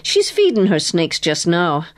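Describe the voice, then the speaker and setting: A woman's voice: on the low side, wildly swooping pitch, measured pace. A woman narrator voicing a brassy, friendly, gossipy young woman in a raised voice.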